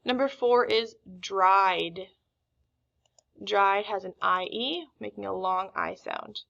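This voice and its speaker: A woman teaching a recorded phonics lesson, reading words slowly and deliberately. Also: medium pitch, vocal fry, pushed and bright, highs cut off. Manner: slow, deliberate word-by-word reading.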